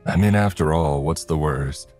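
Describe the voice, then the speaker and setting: A man's voice: a bass voice, moderate pace, a little mellow, faint music behind. A man voicing a wisecracking, sarcastic young male friend.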